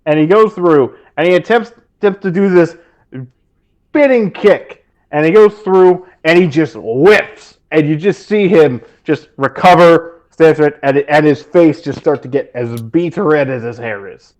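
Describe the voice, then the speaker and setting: Animated man narrating as game master. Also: a little high, a little slow. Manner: animated, rambling narration with restarts.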